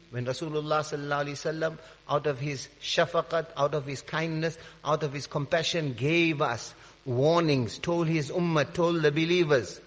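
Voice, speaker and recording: A man's voice: fairly high pitch, a bit bright. A man preaching a sermon with passion, repeating phrases for emphasis and reciting Arabic verses. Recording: long hall reverb.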